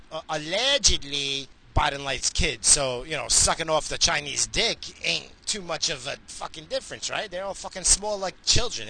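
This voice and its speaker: A man's voice: a little high, vocal fry, sharp tone, a little hiss or hum. A man driving in his car, ranting in a crude, rambling way and swearing constantly into a phone. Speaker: vlogger. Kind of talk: profane rambling rant while driving.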